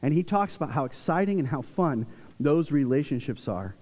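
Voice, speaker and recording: A pastor in his forties delivers a sermon in a relaxed, conversational manner, his voice sitting a little high. He keeps things lively with humorous asides and family anecdotes. A long church-hall reverb trails after his words. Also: normal speed. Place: church sanctuary.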